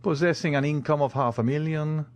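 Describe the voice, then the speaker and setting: A man voicing a suave, commanding count who speaks in a smooth, measured, courteous way. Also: fairly high pitch, no echo, voice pushed up, lightly acted.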